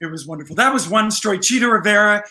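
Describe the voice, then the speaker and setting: A man's voice: high-pitched, animated, fast talker, bright, forceful tone, rough recording. A man chatting as a guest performer, fondly telling stories and quoting what others said. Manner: fond storytelling, quoting others. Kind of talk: casual chat.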